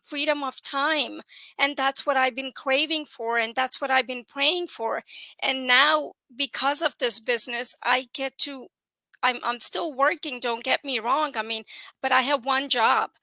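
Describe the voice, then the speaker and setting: Earnest woman with a bright voice. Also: sits high, fairly even intonation, moderate pace, no room sound, low-quality recording. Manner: earnest and heartfelt, grateful. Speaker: guest. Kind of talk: personal testimonial. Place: home.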